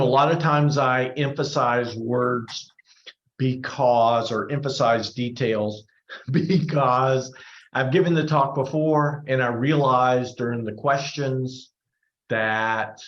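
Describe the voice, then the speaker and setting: Male presenter fielding questions; casual, restarting phrases; echoey, dull recording. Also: mid-range voice. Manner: conversational, repeats words while rethinking. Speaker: workshop presenter. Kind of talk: answering audience questions. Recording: roomy, dull lo-fi sound.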